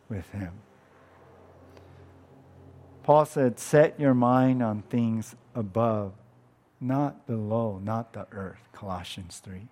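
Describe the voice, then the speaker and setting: A male pastor delivers a sermon in a relaxed, conversational tone. His voice sits at an ordinary middle pitch. He often asks the congregation questions, and his phrase endings drop softly.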